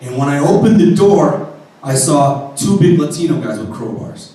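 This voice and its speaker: A man tells a stand-up story in a fairly high voice, animated and full of swearing. His voice comes from far off the mic and rings through a very echoey room. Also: moderate pace. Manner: animated, profane. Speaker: stand-up comedian.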